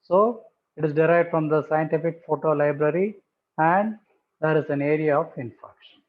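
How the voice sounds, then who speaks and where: A man's voice: a little high, moderate pace. A man giving a methodical pathology lecture over slides, repeating key terms for emphasis. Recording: tinny phone-like audio.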